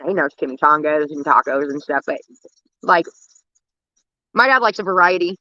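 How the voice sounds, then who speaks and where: A woman's voice: sits low, lively intonation, moderate pace, sharp tone, no echo, dull audio. A young woman chatting on a livestream, telling rambling, profane stories about her dad. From United States. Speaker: livestream host. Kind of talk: casual storytelling.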